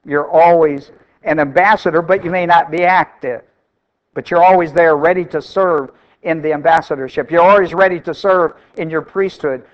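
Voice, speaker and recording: A man's voice: sits high, lo-fi sound. A male pastor preaching a sermon, emphatic and repeating key phrases for stress.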